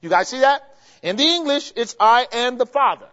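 A man's voice: very high voice, lively intonation, moderate pace, sharp tone. A man preaching a teaching sermon, asking the congregation questions and walking them step by step through grammar. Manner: asks the congregation questions and has them answer; explains grammar step by step, with emphatic rises. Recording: dull, lo-fi recording with long hall reverb.

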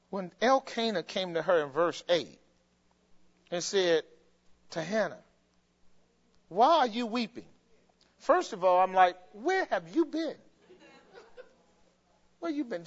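A man preaching a sermon in an animated way, laughing and mimicking voices as he goes. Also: high-pitched. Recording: muffled long reverb in a hall.

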